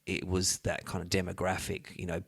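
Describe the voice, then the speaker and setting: An Australian man hosts a relaxed chat show, his lowish voice carrying a gravelly creak. He rambles through fillers and restarts and drops swear words without a second thought. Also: brisk. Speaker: podcast host. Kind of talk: casual chat.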